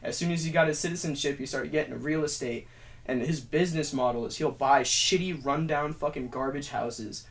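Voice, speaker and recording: A young man with a somewhat high-pitched voice, speaking as a guest on a casual podcast. His storytelling is animated and full of swearing. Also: a little fast. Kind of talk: casual chat.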